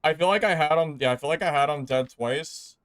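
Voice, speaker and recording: A man's voice: fairly high pitch, fairly quick, fairly bright tone, dry recording. A man streaming a video game, ranting about his gameplay in exasperated, frustrated commentary.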